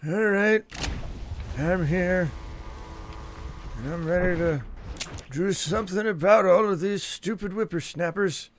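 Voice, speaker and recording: A man's voice: high voice, a little slow, pauses often, a little hiss or hum, pitched above the performer's own voice. A man voicing a grumpy old man who complains about young whippersnappers and the good old days. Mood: grumbling. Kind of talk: gameplay commentary in character.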